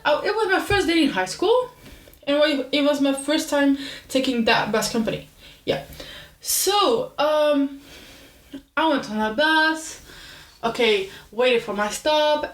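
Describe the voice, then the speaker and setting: A young woman podcast host casually telling a story in an animated, chatty, self-deprecating way. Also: high voice, unhurried, echoey room.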